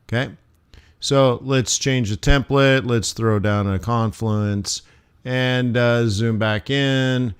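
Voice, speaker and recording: A man teaching forex on a live stream, thinking aloud over charts with playful asides and sudden animated bursts. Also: mid-range voice, slow pace, clean tone. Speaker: forex trading instructor. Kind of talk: live trading stream commentary.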